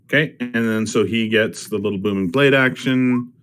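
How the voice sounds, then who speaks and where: A man playing a tabletop game online, calmly spelling out his moves one step at a time. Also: medium pitch, moderate pace. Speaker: player.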